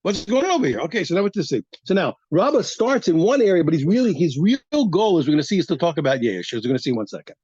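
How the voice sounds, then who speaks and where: A man teaches a Talmud class in a high, swooping voice, racing through his points. He is emphatic and repeats words as he pushes on. The recording is dry and a bit dull. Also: rapid-fire, few pauses, husky, no echo. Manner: animated, emphatic, repeats himself. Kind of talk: daf yomi class.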